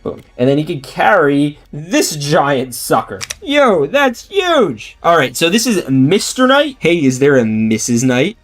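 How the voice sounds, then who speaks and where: A man hosting a toy unboxing video, chatting in a casual, excitable, slangy way. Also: on the high side, normal speed, few pauses, faint music behind. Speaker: toy unboxing channel host.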